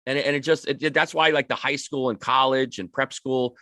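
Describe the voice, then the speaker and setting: A man's voice: mid-range voice, steady tone, a little fast, sharp tone, dry recording, studio quality. A man on a hockey podcast panel, talking about coaching in casual chat, rambling with many restarts and repeated words.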